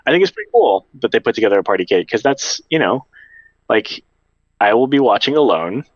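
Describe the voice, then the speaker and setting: A man's voice: medium pitch, very animated, fairly quick, husky, dry recording, dull audio. A man hosting a casual podcast chat, playful and teasing.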